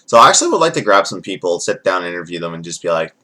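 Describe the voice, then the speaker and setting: A man's voice: low-pitched, very animated, very fast, pushed and bright. A man giving a rambling, profane, jokey recap as a casual wrestling event reviewer.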